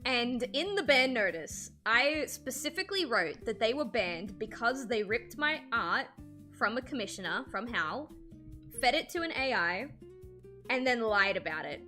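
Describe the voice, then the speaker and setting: A woman artist chatting casually on a livestream while drawing, animated and swearing freely, with frequent laughs. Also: fairly high pitch. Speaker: streamer and artist.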